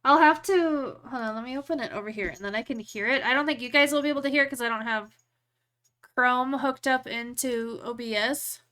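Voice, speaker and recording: High-voiced woman streamer, chatty. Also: pushed and bright. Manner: joking, self-deprecating, quick laughs. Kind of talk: casual live-stream chat.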